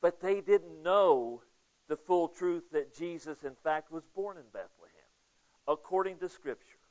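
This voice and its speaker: A man's voice: a little high, unhurried, darkish tone. A man preaching a casual, conversational Bible study sermon, asking listeners questions by name. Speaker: pastor. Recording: dull lo-fi sound.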